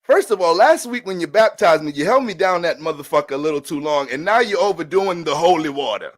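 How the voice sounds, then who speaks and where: A man voicing an irritated churchgoer in a comic skit who complains loudly and with exasperation. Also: on the high side, animated, fairly quick, pitched above the performer's own voice, close to an everyday voice. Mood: annoyed.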